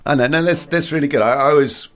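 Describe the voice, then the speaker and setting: A man's voice: fairly high pitch, fast talker, a bit bright. A man hosting a casual interview, chatting loosely and poking fun at himself, with lots of fillers. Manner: chatty, loose and self-deprecating, with many fillers. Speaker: podcast host.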